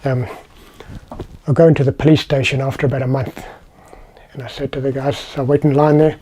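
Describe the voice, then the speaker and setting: A man's voice: mid-range voice, little pitch movement, a little fast, mellow, slightly rough. A middle-aged man from South Africa with a South African accent, chatting casually through personal anecdotes in a vlog. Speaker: vlogger. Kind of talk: casual storytelling.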